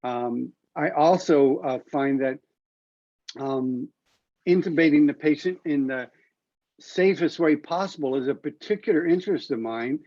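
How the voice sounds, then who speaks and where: A man's voice: a little high, a little slow, warm tone, no room sound. Earnest man on dry, dull-sounding remote audio. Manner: earnest, explanatory, with hesitant uhs. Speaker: airway expert panelist, anesthesiologist. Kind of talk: expert panel discussion.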